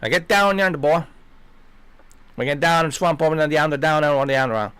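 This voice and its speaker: A man imitating a gruff southern swamp man with a thick, mumbled drawl. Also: on the high side, brisk, fairly bright tone, dry recording, pitched above the performer's own voice, lightly acted. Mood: boastful.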